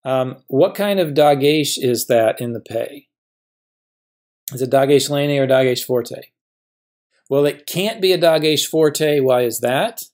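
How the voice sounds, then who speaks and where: The grammar lesson comes from a male professor speaking a little slowly at a steady pitch. He patiently covers each example, putting questions to himself and then answering them.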